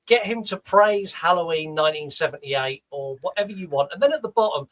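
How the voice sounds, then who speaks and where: Brief: high, bright Southern British man, podcast co-host, playful and pushy. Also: brisk, poor audio. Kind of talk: casual podcast banter.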